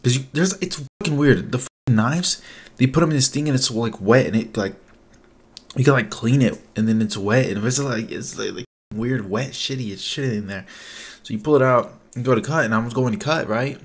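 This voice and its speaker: A young adult male vlogger tells a casual storytime in a medium-pitched, brisk voice. He rambles, swears, and leans heavily on "like" as filler.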